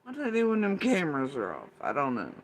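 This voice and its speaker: Male streamer host, profane casual rant; high, very lively, bright delivery. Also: fast. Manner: animated, profane, swings between loud and muttering. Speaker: livestream host. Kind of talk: casual ranting commentary.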